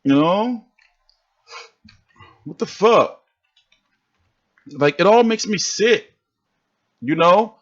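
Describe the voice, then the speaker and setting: A man's voice: high-pitched, very slow, pauses often, highs cut off. A man hosting a livestream, ranting in a casual, profane, fired-up way. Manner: animated, swearing, fired-up. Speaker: livestream host reacting to boxing.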